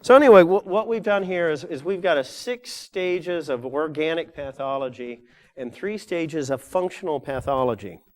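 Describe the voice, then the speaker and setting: A man's voice: a little high, lively intonation, normal speed, darkish tone. An older man giving a live lecture to an audience, rambling along with frequent fillers and self-corrections.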